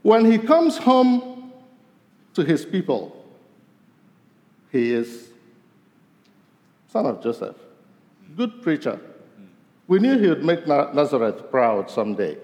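Animated male preacher in echoing hall. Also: slow, long pauses. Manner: animated, voice rising for emphasis and dropping low at ends of points. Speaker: pastor. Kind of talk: sermon. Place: church sanctuary. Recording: long reverb of a large hall.

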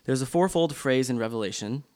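A man's voice: mid-range voice, lively intonation, fairly quick, darkish tone. A man leading a church class discussion in a loose, unscripted way, with frequent ums and restarts.

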